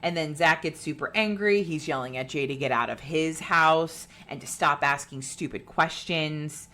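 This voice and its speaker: Low-voiced chatty woman podcaster. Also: normal speed, bright, forceful tone. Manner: chatty, swearing, acting out quotes. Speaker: podcast co-host. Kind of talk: casual chat, retelling a ghost-hunting episode.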